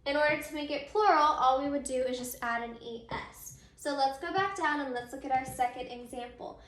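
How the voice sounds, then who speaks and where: A woman whose voice sits high and fairly bright teaches grammar briskly in a recorded lesson, moving step by step. She circles back over her points and says um a lot, with noticeable room echo.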